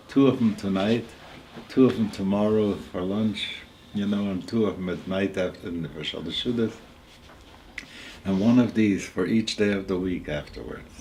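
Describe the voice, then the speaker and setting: An elderly man in his eighties, a rabbi telling a story at a gathering in a lively, chuckling way, sprinkling in Yiddish words. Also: low-pitched, moderate pace, slight background noise, low-quality recording. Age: 80s.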